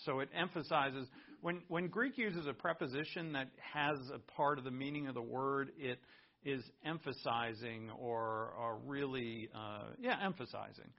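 Gravelly-voiced male pastor preaching. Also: medium pitch, muffled recording. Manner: animated, conversational preaching with asides and laughs. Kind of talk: sermon.

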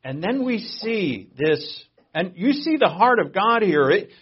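A middle-aged man preaching a sermon as a pastor, conversational and joking, swinging between loud emphasis and quiet asides. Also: sits high, very animated, unhurried, slightly rough, lo-fi sound.

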